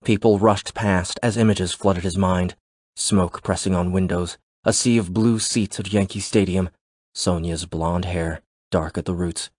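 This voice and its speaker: Deep-voiced guy reading an audiobook, steady and measured, dry sound. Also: dry recording. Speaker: audiobook narrator. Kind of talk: scripted audiobook narration.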